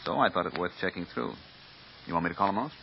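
A businesslike cop, lower voice, old radio play. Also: male voice, animated, fast talker, creaky. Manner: matter-of-fact, businesslike. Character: brisk middle-aged police lieutenant. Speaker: police lieutenant. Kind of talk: 1950s radio drama acting. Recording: muffled old radio recording with hiss.

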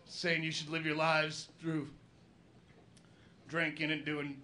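A man doing a stand-up routine, telling a profane, rambling story with sudden shouted outbursts. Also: a little high, monotone, slow pace. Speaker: stand-up comedian.

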